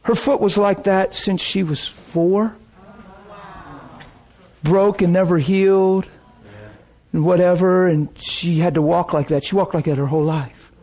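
A man preaching through an animated, emotional story, often laughing as he tells it. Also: high voice, a little slow, pauses often. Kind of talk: storytelling sermon.

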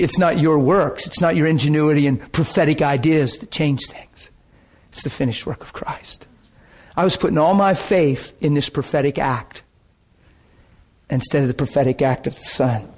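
A man preaching a sermon, telling a personal story in a dramatic, emotional way that breaks into shouts and laughter. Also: on the high side, moderate pace, low-quality recording.

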